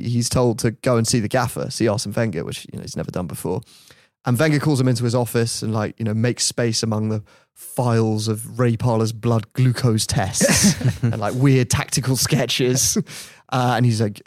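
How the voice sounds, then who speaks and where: A man's voice: medium pitch, a little mellow, dry recording, clean studio sound. A man, hosting a podcast and telling an anecdote casually and animatedly, often laughing. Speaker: podcast host. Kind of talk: casual storytelling.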